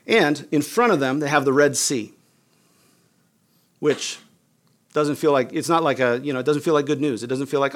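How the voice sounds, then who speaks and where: A man's voice: a little high, normal speed, pauses often, a bit bright. A male pastor giving a sermon in a casual, conversational way, addressing the congregation as "you guys.".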